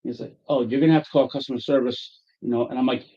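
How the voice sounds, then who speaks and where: A man telling a long story to friends in casual talk, profane and animated, acting out his own angry quotes. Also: medium pitch, fast talker, husky. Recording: dull lo-fi audio.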